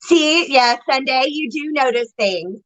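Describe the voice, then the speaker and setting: A woman hosts a relaxed livestream, her voice high and bright. She talks slowly, laughs easily and greets each viewer by name. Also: rough recording. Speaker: livestream host, psychic reader. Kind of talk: casual livestream chat.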